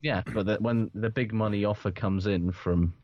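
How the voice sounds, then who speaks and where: Podcast co-host, male, very low voice, dry close sound, rambling and sweary delivery. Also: steady tone, normal speed, no echo, dull audio. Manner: swearing, rambling, laughs often. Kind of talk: casual sports chat.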